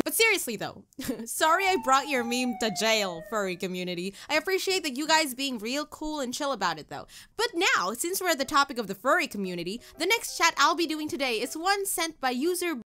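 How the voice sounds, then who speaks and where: A woman's voice: high-pitched, big pitch swings, moderate pace, bright, forceful tone, faint music behind. A woman YouTuber telling a comedic storytime in a dramatic, self-mocking way.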